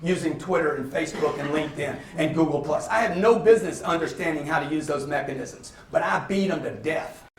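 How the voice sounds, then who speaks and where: A man, giving an energetic motivational sales lecture and constantly checking in with his audience. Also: a little high, a little fast, slight background noise. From Louisiana, US. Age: 50s. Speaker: guest lecturer. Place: packed lecture hall. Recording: echoey hall from far off.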